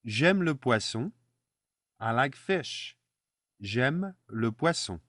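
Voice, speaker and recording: Slow, patient man teaching French. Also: mid-range voice, animated, a bit bright, no echo, studio quality. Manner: patient, spells out pronunciation and repeats phrases slowly. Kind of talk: language lesson with repeat-after-me drills.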